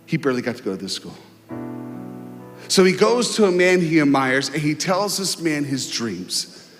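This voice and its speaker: A man giving an emotional, dramatic inspirational talk as a guest speaker before a large crowd, telling a story with pauses and swells. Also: on the high side, sing-song. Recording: long hall reverb, faint music.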